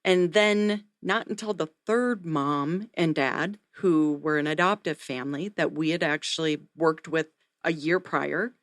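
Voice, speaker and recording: Low-voiced woman telling a story. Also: measured pace, no room sound, studio quality. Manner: earnest, animated retelling with acted quotes. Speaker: neonatal nurse practitioner, nonprofit founder. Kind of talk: interview storytelling.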